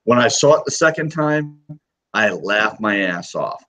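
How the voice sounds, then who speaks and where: A man's voice: on the low side, lively intonation, measured pace, fairly bright tone. A man co-hosting a casual podcast chat, opinionated and emphatic, swearing as he argues his case. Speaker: podcast co-host.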